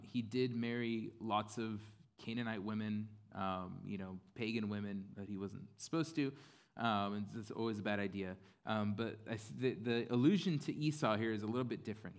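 A man preaching a sermon in a casual, conversational way, with plenty of fillers. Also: lowish voice. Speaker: pastor.

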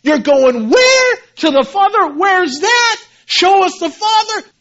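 A man voicing a panicked, bewildered male disciple who fires off incredulous questions in a high, strained voice. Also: expressive, slow pace, fairly bright tone, dull audio, full character voice.

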